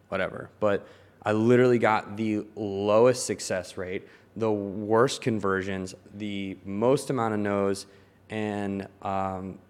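A young man from Maryland, a tailor and guest, telling animated stories in casual chat, swearing and laughing often. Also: fairly low pitch, slow, clean tone.

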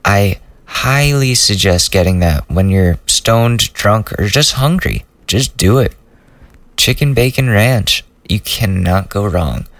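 A man's voice: fairly low pitch, animated, slow, fairly bright tone, no room sound, distant mic. A young man hosting a solo podcast, rambling loosely through a profane personal story in a casual way. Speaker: podcast host.

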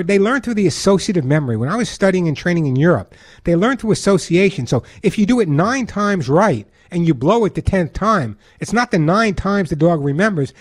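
Brief: lively New York-accented male radio host, slightly high voice, talks listeners through dog training. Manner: animated, acts out dog commands. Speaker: radio host and pet behaviorist. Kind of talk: call-in radio advice.

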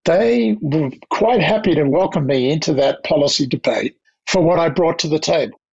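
An older man with an Australian accent, recounting his diplomatic career in a measured, anecdotal interview manner. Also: fairly high pitch, lively intonation, creaky, darkish tone, breathy edge, muffled recording. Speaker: guest, diplomat. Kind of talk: reflective interview storytelling.

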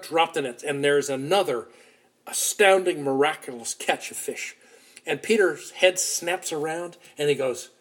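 A man preaches, retelling scripture as a vivid story. His voice sits fairly high for a man and moves between loud and quiet, with quick runs and slowed, stressed words. He sounds like he is leading a congregation through the account. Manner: animated storytelling, shifting loudness, acts out quotes. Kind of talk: sermon retelling a Bible story.

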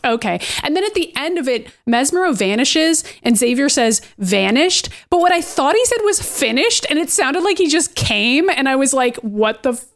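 A young woman with a high voice co-hosting a podcast, recapping a cartoon in casual chat. She is sarcastic and swears freely, and her pitch leaps as she quotes the characters. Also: animated, fairly quick, hardly any pauses. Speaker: podcast co-host.

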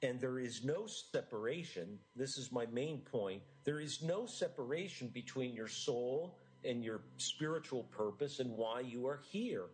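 A middle-aged man from the United States, an author being interviewed, talking in an earnest, animated way with frequent restarts. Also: mid-range voice, a little slow, hardly any pauses, rough recording. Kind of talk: enthusiastic interview talk.

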